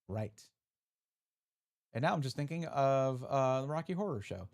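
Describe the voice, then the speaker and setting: A man's voice: mid-range voice, animated, a little slow, creaky, a little mellow. A man live-streaming, chatting casually and reading out viewer messages as he opens card packs. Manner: chatty, reads chat aloud, restarts often.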